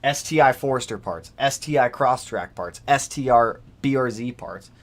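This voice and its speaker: A young man chats casually as host of a car livestream, his voice sitting at an everyday middle pitch. He talks in an animated way, thanking viewers for donations and riffing on the news. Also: normal speed. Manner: animated, reads donations aloud.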